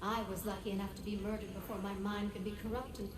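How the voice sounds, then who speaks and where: A woman voicing a grim, vengeful female ghost in a video game, speaking in a solemn, measured way. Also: mid-range voice, level tone, a crowd in the background, natural voice. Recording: distant echoey game audio, loud noise.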